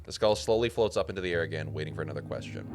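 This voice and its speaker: A man streaming a game, reading its text aloud slowly and dramatically, with casual asides. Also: low voice. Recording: music playing underneath.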